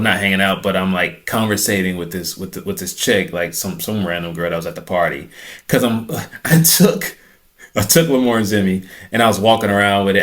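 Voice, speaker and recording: A man's voice: deep voice, a bit bright. A young man hosting a podcast, telling a story casually and acting out other people's lines in a raised voice. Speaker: podcast host.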